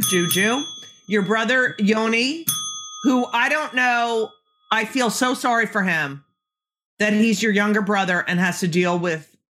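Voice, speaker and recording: A woman's voice: mid-range voice, pushed and bright. A woman in her forties hosting a casual interview, brash and joking, swearing freely, with a phlegmy throat. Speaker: podcast host.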